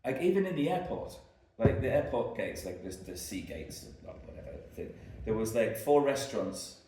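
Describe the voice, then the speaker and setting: A man's voice: mid-range voice, big pitch swings, moderate pace, mellow. A man co-hosting a podcast, telling rambling travel anecdotes with lots of likes and ums. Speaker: podcast co-host. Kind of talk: casual anecdotal chat. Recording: echoey room, mic at a distance.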